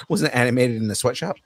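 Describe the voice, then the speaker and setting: A man co-hosting a casual podcast, reading news aloud and goofing around with silly voices. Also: mid-range voice. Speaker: podcast co-host.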